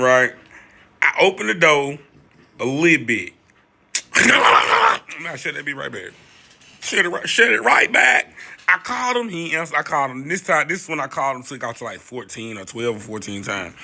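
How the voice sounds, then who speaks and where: A young man spins a chaotic storytime in loose, slangy talk, leaping high when he acts out other voices. His tone is sharp and forceful, pitched a little above the usual. He keeps the story rolling with quick asides to his listeners. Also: gravelly. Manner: excitable, slangy, reenacts voices with big pitch jumps. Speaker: storyteller vlogger. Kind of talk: animated storytime monologue.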